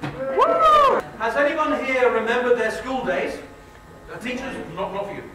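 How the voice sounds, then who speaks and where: Man, English accent, high voice, self-mocking live talk, very echoey hall, distant noisy recording. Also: moderate pace. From England. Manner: joking, self-mocking, quizzes the audience. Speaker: guest speaker. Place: lecture hall with an audience.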